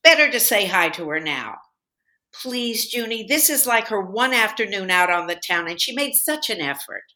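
A woman's voice: medium pitch, lively intonation, moderate pace, sharp tone. An actress playing a doting, chatty mother in a comedy sketch, fussing over her daughter and insisting. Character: doting, pushy middle-aged to older mother.

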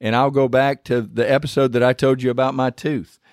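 A man's voice: medium pitch, little pitch movement, a little fast, no room sound, studio quality. A man preaching a sermon in a conversational, earnest way, retelling scripture in his own words.

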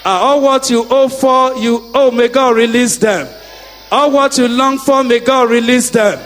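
A middle-aged male pastor preaching a sermon, calling on the congregation to repeat after him and rising to shouts. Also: very high-pitched, steady tone, measured pace, soft background music. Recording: echoey hall.

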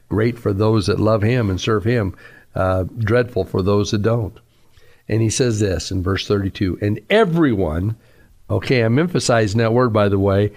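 A man's voice: mid-range voice, a little mellow. A man, a pastor, giving an earnest radio sermon that rises to emphatic peaks.

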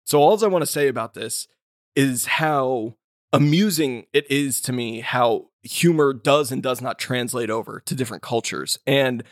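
A man's voice: medium pitch, moderate pace, dry recording. Laid-back rambling man on a dry podcast mic. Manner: loose and rambling, heavy on filler words, swears freely. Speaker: podcast co-host. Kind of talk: casual chat.

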